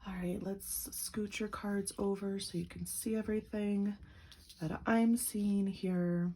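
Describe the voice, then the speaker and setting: A woman's voice: medium pitch, fairly even intonation, slow, mellow. A young woman giving a casual, upbeat tarot reading, chatty and giggly, with lots of fillers. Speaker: tarot reader.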